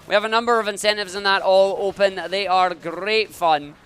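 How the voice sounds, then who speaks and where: A man's voice: high-pitched, steady tone, normal speed, fairly bright tone, clear, resonant tone. A man giving upbeat live commentary as he speedruns, talking through each move as he plays.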